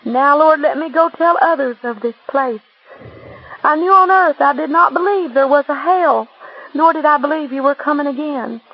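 A condemned man pours out a pleading confession as a woman reads him in a high, gravelly voice. The recording sounds dull and lo-fi. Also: moderate pace. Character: damned adult man pleading and repenting in hell.

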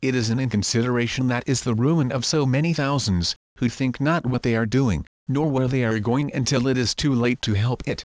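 A man voicing a solemn male guardian angel who explains things in a grave, measured way, recorded dry and close. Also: mid-range voice, no echo, natural voice.

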